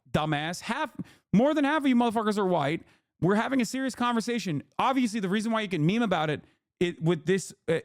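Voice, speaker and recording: A man's voice: high-pitched, no echo, clean studio sound. Heated, profane streamer man. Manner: heated, profane, lecturing chat. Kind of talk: livestream commentary.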